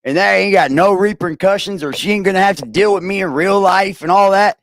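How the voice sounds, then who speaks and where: A man ranting profanely as host of a livestream, swinging from low growls to sharp highs. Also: fairly quick, dry recording, studio quality. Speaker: streamer host. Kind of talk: heated livestream rant.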